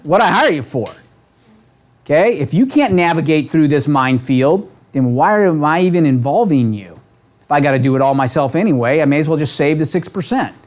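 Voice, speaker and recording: A man leading a real estate training seminar, talking with a lively, coaching manner and checking in with the room constantly. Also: on the high side, fairly quick. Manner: animated, asks the room constant "right?" questions. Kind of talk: motivational seminar talk. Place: seminar room with a live audience.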